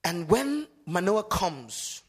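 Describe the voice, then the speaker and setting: A man preaching a sermon in a fairly high voice, with Yoruba as his mother tongue. He swings between booming exclamations and quiet asides, reading scripture and pressing the congregation to answer back. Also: very animated, slow, husky. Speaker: pastor.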